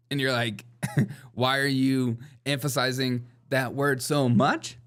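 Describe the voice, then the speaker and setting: A man's voice: mid-range voice, steady tone, normal speed, a bit bright. A man hosting a political comedy show, talking sarcastically and laughing at his own jokes. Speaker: host.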